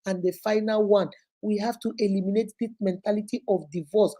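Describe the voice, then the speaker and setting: A woman's voice: medium pitch, steady tone, a little fast, dark tone. A woman hosting a casual live stream, giving emphatic marriage advice and greeting viewers by name. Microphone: phone.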